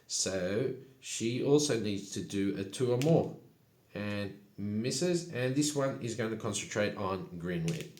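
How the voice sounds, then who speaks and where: A man narrating a solo tabletop game in an unhurried, matter-of-fact way. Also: on the low side, expressive, darkish tone, slight background noise. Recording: echoey room.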